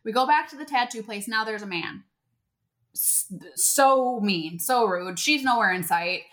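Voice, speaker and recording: A woman co-hosting a podcast, telling a story in a casual, animated way and acting out what people said. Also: a little high, measured pace. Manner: animated, acts out quotes in character voices. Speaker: podcast co-host.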